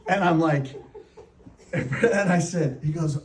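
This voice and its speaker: A man, a real estate coach, telling a story to a live audience with laughs and lively asides. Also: a little high, takes it slowly, long pauses, echoey room, far from the mic. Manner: animated, laughing, talks to the crowd.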